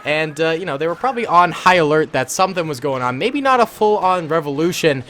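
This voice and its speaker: A man's voice: a little high, animated, fairly quick, pushed and bright, slight background noise. A man casually commentating a battle simulation game in a laid-back, enthusiastic way, with plenty of ums.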